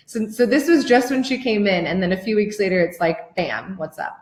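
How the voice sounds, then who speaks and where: A woman in her thirties, a life coach giving a motivational workshop pitch, gushing and excitable and swearing freely. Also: fairly quick, few pauses, echoey room. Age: 30s.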